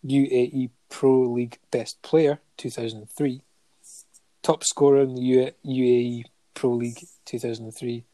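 A man's voice: medium pitch, flat delivery, a little slow, warm tone, no room sound. A man in casual podcast chat, reading out a long list of honours with frequent ums and light chuckles. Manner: listing facts steadily with many ums and chuckles.

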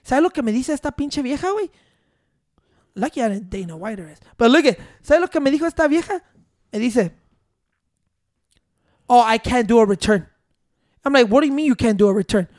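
A man's voice: very high voice, expressive, a little fast, long pauses, a little mellow, dry recording, clean studio sound. A man telling a long, profane story in casual chat with friends, switching into Spanish and interrupting himself with "wait". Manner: rambling, profane, mixing in Spanish, keeps saying "wait".

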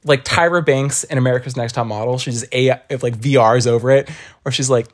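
Podcast co-host, casual and gossipy storyteller, mid-range pitch. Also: steady tone, fairly quick. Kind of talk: casual chat.

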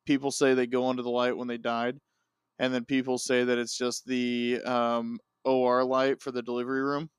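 A man's voice: medium pitch, flat delivery, moderate pace, clean tone, dry recording, clean studio sound. A man co-hosting a podcast in casual chat, laid-back and recounting stories at length. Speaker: podcast co-host.

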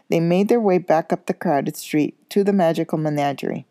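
A woman reading a children's novel aloud, steady but with small slips and corrections. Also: low voice, normal speed, dry recording, clean studio sound. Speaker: school coach reading aloud.

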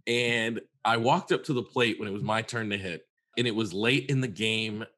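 A man's voice: on the low side, moderate pace, a bit bright. A man, a therapist co-hosting a podcast, telling a personal story in an earnest, conversational way and repeating words for emphasis.

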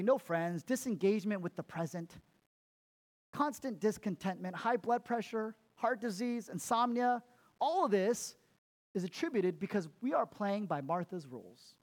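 A man preaching a sermon as pastor, emphatic, repeating words and laughing at himself. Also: sits high.

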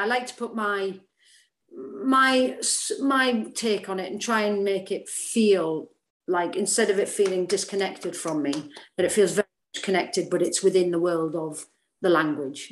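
A woman actor talks casually as an interview guest, chatty and animated, often restarting her sentences. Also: medium pitch, moderate pace. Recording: roomy echo.

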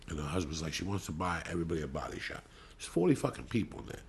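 A man with a gravelly, raspy voice, hosting in a casual, blunt and profane chat. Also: very deep voice, expressive, quick pace, darkish tone.

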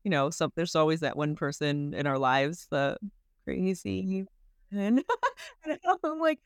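A woman's voice: low-pitched, animated, measured pace, smooth, dry recording, studio quality. A woman in her thirties, a podcast guest, chatting casually and animatedly, laughing often and acting out her own inner voice. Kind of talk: casual interview chat.

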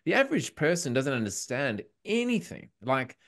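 An Australian man in a casual podcast chat, talking in an animated, emphatic way. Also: medium pitch, moderate pace.

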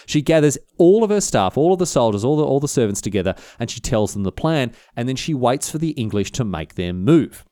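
A man's voice: mid-range voice, big pitch swings, brisk, few pauses, dark tone, no room sound, studio quality. A man telling a history story in an irreverent, slangy way, often restarting mid-sentence. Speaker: podcast host.

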